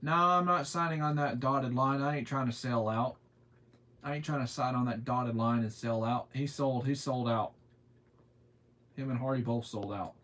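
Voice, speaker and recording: A man's voice: mid-range voice, steady tone, moderate pace, fairly bright tone. Laid-back Southern streamer man. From southern United States. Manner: laid-back, drawling, answers chat comments with frequent laughter. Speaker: livestreamer. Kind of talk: casual live stream chat.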